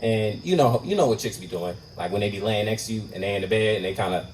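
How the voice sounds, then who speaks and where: A man doing stand-up at an open mic, telling a story in a conversational, self-mocking way that jumps into loud, high exclamations. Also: fast talker, distant mic, a little hiss or hum, low-quality recording. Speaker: stand-up comedian. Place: open mic night venue.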